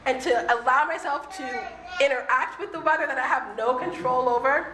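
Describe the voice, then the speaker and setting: A woman giving a reflective faith talk, earnest and conversational, slowing down to stress key points. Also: sits high, noisy background. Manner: earnest, conversational, slows for emphasis. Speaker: speaker. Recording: echoey room with faint ambience.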